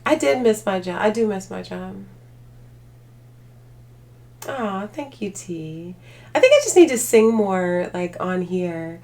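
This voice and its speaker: A woman's voice: mid-range voice, animated, takes it slowly, pauses often, darkish tone. A tired woman hosting a casual livestream, chatting with viewers in a rambling way full of filler words and laughter. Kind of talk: casual live chat.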